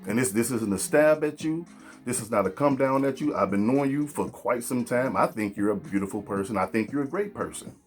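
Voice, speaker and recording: A man holds forth as a podcast host, blunt and preachy, talking straight at his audience. His voice sits at a middle pitch. A little music plays faintly behind him. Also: animated, brisk. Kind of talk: opinionated podcast monologue.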